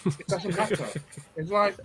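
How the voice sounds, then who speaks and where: A man's voice: high voice, normal speed, a crowd in the background. A man with a northern English accent arguing his side in a casual football chat. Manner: defensive, argumentative.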